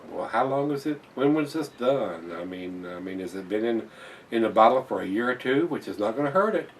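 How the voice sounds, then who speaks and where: A man's voice: medium pitch, animated, fairly quick, recorded from a distance, slight background noise. A man reviewing a beer in a casual vlog, blunt and plain-spoken, swearing when annoyed and repeating himself.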